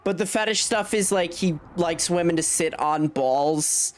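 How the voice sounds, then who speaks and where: A woman's voice: fairly low pitch, measured pace. A young adult woman streaming a game, chatting in a rambling way, swearing freely and laughing mid-sentence. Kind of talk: casual live-stream chat while gaming. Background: faint game music.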